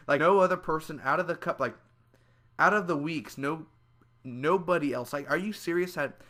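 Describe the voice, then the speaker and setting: A young man giving a casual, loud and excitable spoiler review, full of slang, who acts out the scenes with high squeals and screams. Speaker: movie reviewer.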